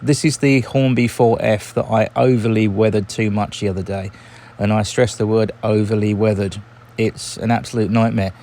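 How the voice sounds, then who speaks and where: A man hosting a model railway vlog, talking in a relaxed, chatty way with frequent ums and self-corrections. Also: on the low side, moderate pace. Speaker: model railway channel host. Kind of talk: casual hobby vlog narration.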